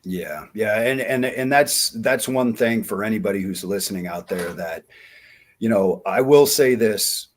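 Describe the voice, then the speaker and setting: Folksy low-voiced veteran man. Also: unhurried. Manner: folksy, animated, acts out quoted dialogue. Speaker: podcast guest, diving company founder. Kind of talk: casual interview storytelling.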